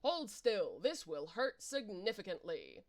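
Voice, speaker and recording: A creepy worm monster from a webcomic, as a woman puts it on, speaking with mock courtesy and cheerful menace. The voice is a notch above the reader's own, loud and fairly lively, kept in the ordinary middle of a female voice. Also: medium pitch, unhurried. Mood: menacing. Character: sinister needle-like worm monster.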